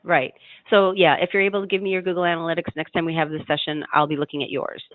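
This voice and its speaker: A man's voice: on the high side, flat delivery, fast, no room sound. Consultant man explaining on a call. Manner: explanatory, many fillers and restarts. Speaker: marketing consultant. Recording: tinny phone-line audio.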